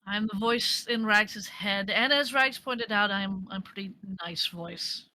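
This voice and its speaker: A woman voicing a wry, motherly female spirit guardian who talks politely with a dry, gently scolding edge. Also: medium pitch, unhurried, no room sound, rough recording. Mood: apologetic.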